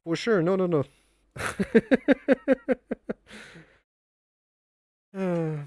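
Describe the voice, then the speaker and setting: Taking it slowly with long pauses, a man from France talks in a mellow, mid-range voice on a cooking live stream in his home kitchen. His English is non-native, with a French accent and nasal quality, and he rambles, makes self-deprecating jokes and chuckles a lot. The sound is clean studio quality without echo.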